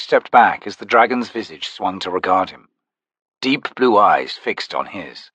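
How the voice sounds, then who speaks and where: A man narrating a fantasy audiobook with expressive storytelling. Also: deep voice, a little slow, breathy edge, no echo.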